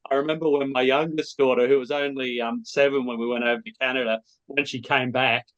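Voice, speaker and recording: A man's voice: medium pitch, steady tone, fairly quick, fairly bright tone, muffled recording. Thoughtful middle-aged Australian man. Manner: thoughtful, reflective, slight hesitations. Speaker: guest author. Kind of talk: casual interview chat.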